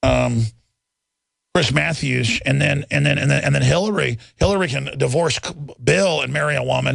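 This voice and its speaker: A man's voice: mid-range voice, moderate pace, creaky, a bit bright, no room sound. A man hosting a talk radio show, ranting angrily and repeating himself as he works up his outrage.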